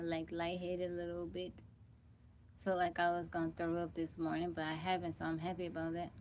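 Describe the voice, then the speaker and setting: Speaking in a low, dark voice, a middle-aged livestream host chats casually with viewers by name from home, sounding worn out and weak. She's on a phone mic, and there's a bit of background noise.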